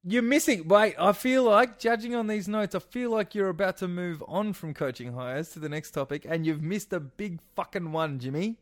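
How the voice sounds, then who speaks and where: A man's voice: sits high, normal speed, hardly any pauses. A man co-hosting a casual sports podcast, blunt and sweary, often saying "mate". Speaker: podcast co-host.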